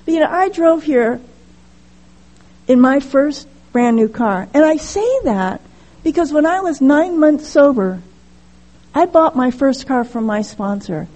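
A middle-aged woman speaking at a recovery meeting, telling her story candidly and haltingly, with many restarts. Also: high voice, lively intonation, a little mellow, rough recording. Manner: halting, frequent restarts and "you know", candid. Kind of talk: personal recovery share, casual storytelling.

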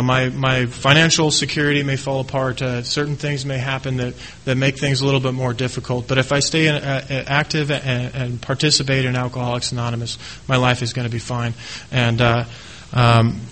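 Middle-aged man, personal testimony, earnest and halting, forceful bright tone. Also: medium pitch, flat delivery, slight background noise, rough recording. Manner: earnest and halting, with many restarts. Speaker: speaker sharing his recovery story.

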